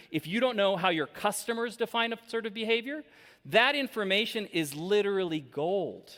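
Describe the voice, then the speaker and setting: A man in his forties giving an energetic, interactive keynote talk from a large stage, quizzing the audience. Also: high voice. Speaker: keynote speaker. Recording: long hall reverb.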